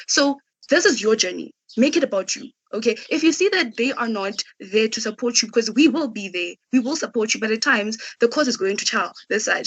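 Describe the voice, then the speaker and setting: Earnest young woman encouraging. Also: a little high. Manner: earnest, encouraging, repeating herself. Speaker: student committee speaker. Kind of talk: motivational talk. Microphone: video call. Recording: dull lo-fi call audio.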